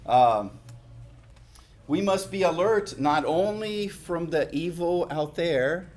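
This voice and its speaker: A middle-aged man preaching a sermon in a conversational way, repeating key lines for emphasis and dropping to quiet asides. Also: a little high, lively intonation, takes it slowly. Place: church hall.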